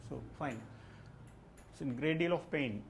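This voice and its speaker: Chatty male trainer, slightly high voice. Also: a little slow, slight background noise. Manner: explanatory, peppered with "like" and "okay"; addresses a class with questions. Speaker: language test trainer. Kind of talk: live classroom lesson.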